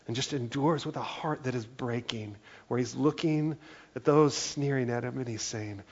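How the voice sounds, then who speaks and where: A man preaching a sermon in an earnest, conversational way, his voice carrying a gravelly edge. He speaks at a middle pitch and keeps checking in with "right?" between thoughts. The recording sounds a little dull and lo-fi. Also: normal speed. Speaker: pastor.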